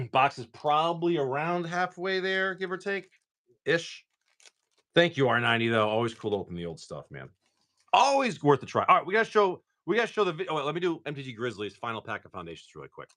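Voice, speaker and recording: Man, live stream host, upbeat, bright crisp tone. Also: on the high side, very animated, fast. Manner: upbeat, thanks viewers by name. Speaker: livestream host opening card packs.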